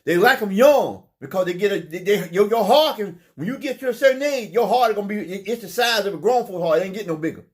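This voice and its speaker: Man, high voice, fervent preaching, repeats phrases, stumbles over words. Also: animated, fast talker, few pauses. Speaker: religious speaker. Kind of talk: impassioned preaching monologue.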